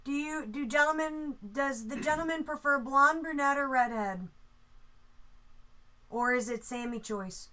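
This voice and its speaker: A young woman hosting a live painting stream, chatting casually while she works, joking, swearing freely and mimicking people in quick asides. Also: high voice, pushed and bright, a little hiss or hum.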